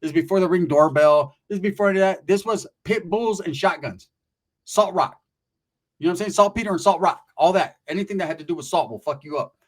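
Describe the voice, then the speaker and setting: A middle-aged man telling a profane comic story in a crude, animated way, dropping in bits of mock singing. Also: high-pitched, fast talker. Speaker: comedic storyteller.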